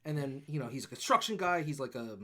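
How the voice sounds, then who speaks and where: Podcast co-host, man, raised voice, lively ranting movie recap with swearing. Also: a little high, fast. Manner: animated ranting, swears, acts out characters in quotes. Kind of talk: casual movie review chat.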